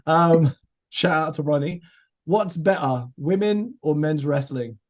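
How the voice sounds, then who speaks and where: A man hosting a podcast, firing off quick joking questions at his guest in a teasing manner. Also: on the high side. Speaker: podcast host. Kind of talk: casual comedic interview.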